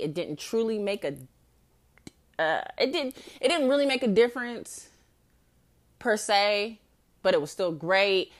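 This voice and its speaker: A woman in her forties hosting a podcast, telling a comedic story in a brash, profane way and often laughing mid-sentence. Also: on the low side. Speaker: podcast host.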